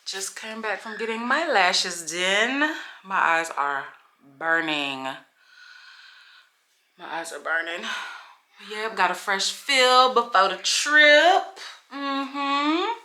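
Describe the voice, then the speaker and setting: Woman, casual vlog chat, swearing and animated, bright edgy voice. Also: mid-range voice, slow pace. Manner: animated, profane storytelling to viewers. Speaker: vlogger.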